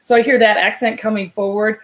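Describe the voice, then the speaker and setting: A woman giving a live reading as a psychic medium speaks at a medium pitch with a level tone. She falters and searches through many fillers and restarts, and when relaying messages she turns quiet and slow.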